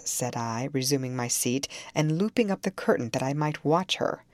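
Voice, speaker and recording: A woman narrating a classic novel in a measured, calm storytelling manner. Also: extremely low pitch, no echo. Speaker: audiobook narrator.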